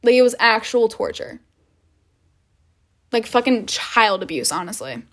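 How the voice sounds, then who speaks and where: A woman's voice: on the high side, animated, a little slow, a bit bright. A young woman telling a storytime rant in a casual, dramatic way, full of "like" and swearing. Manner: heavy filler "like", swearing, dramatic retelling. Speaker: vlogger.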